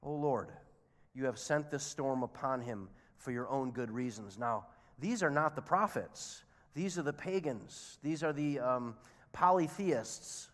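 A man's voice: mid-range voice, expressive, unhurried, a bit bright. A man preaching a sermon, telling the story expressively and acting out the characters' lines. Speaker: pastor. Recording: long hall reverb.

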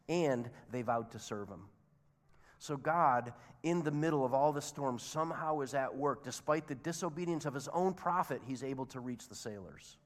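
Guy preaching, lively storyteller, voice rings out in a big echoey hall. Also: mid-range voice, normal speed. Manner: expressive storytelling, acting out the sailors' voices. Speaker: pastor. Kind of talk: sermon. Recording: long hall reverb.

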